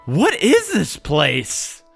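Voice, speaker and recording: A man's voice: sits high, wildly swooping pitch, gravelly, slightly rough, soft background music, voice pushed up, exaggerated voice. A man voicing a confused, dazed elvish man in fine clothes who stumbles over his words. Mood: bewildered. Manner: halting, bewildered, repeating words.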